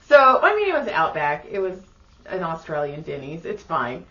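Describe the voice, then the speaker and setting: A woman in her thirties co-hosting a podcast, telling stories in a lively, profane way and acting out the people she quotes. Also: deep voice, normal speed, lo-fi sound. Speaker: podcast co-host. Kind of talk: casual storytelling chat.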